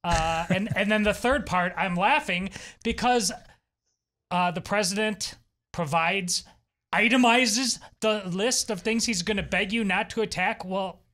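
A man co-hosting a political talk panel, animated and exasperated, with comic asides. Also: high-pitched, unhurried. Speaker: panel co-host. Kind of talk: panel discussion.

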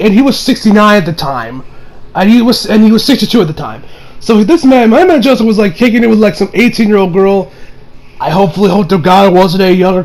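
A man's voice: high-pitched, darkish tone. A man giving a casual, rambling episode review, swearing often and leaning on fillers like "you know" and "like". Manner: rambling, profane, full of fillers. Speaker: anime reviewer.

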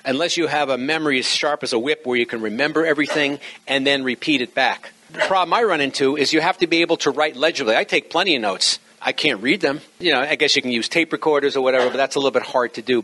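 A man's voice: medium pitch, slight background noise. A middle-aged man giving an informal lecture on radio operating, emphatic and full of joking asides. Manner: jokey, emphatic, lively asides. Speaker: presenter teaching radio operating practice.

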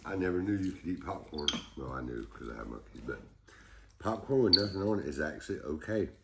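A man with a very low voice chats casually with his pet monkey, coaxing and teasing him playfully. The sound is roomy and echoey, with a faint hiss underneath. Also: animated, a little fast, gravelly. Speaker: pet monkey channel host. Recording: roomy echo.

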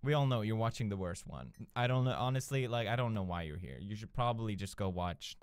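A man's voice: fairly low pitch, quick pace, faint music behind. A young man hosting gaming videos, making sarcastic, mocking asides. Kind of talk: gaming commentary.

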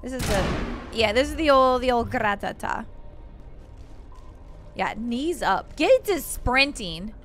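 A young woman with a high, light voice chats through a game as a playful let's play streamer. She swings between theatrical outbursts, mock grief and muttered asides. Game music plays loudly behind her. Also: expressive, slow, pauses often. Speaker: gaming streamer. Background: game music and gunfire.

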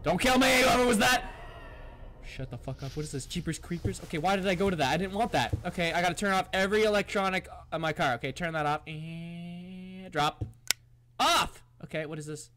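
A man commentating a horror game, muttering to himself, reading text aloud and yelling in alarm. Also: on the high side, fairly quick, crowd noise. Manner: jumpy and excitable, swearing, yelling at the game. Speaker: gaming YouTuber.

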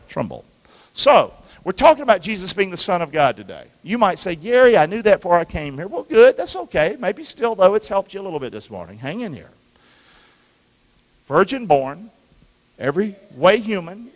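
A man preaching a sermon to his congregation as their pastor, with animated delivery and frequent call-and-response questions to the listeners. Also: sits high, moderate pace. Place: church sanctuary. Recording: long reverb of a church hall.

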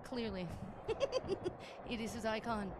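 A woman live-streaming a game, chatting with viewers and playfully yelling at game characters. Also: fairly high pitch, steady tone, slow, heavy background noise.

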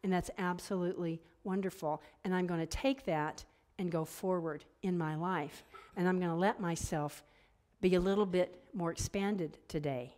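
A woman's voice: on the low side, steady tone, normal speed, darkish tone. A woman minister preaching a conversational sermon, full of playful asides and laughing at her own jokes.

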